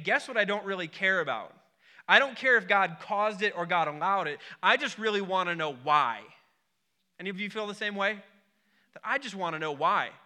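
A young adult man preaching a sermon, opening with an animated, self-deprecating story. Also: high-pitched. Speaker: pastor.

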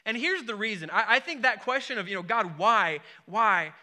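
Young man, pastor, humorous animated sermon, high-pitched, very bright tone. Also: fast. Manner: animated storytelling with self-deprecating humor.

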